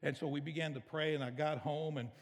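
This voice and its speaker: Emotional preacher in echoing hall. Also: male voice, fairly high pitch, fairly even intonation, brisk. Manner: emotional, storytelling, conversational preaching. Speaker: pastor. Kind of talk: sermon. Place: church sanctuary. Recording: reverberant church hall.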